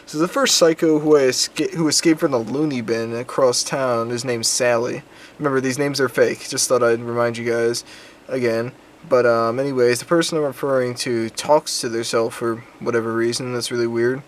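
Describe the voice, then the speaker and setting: A man's voice: mid-range voice, fairly even intonation, moderate pace, slight background noise. A young man telling work stories on his vlog in a casual, rambling way, swearing often and trailing off into ums and restarts. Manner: profane, rambling, crude jokes. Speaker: vlogger.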